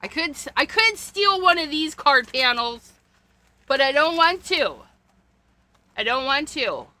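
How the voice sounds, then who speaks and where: A woman's voice: sits high, expressive, takes it slowly, pushed and bright. A woman hosting a casual card-making livestream, chatting to viewers while she rummages through paper and supplies, with frequent gasps and little laughs.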